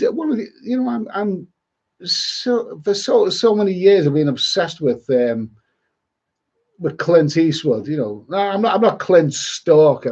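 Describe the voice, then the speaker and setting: A man's voice: on the high side, a little mellow. A middle-aged man, chatting casually on a live stream as a travel vlogger, rambling and repeating his words. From Liverpool, England. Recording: dull lo-fi stream audio.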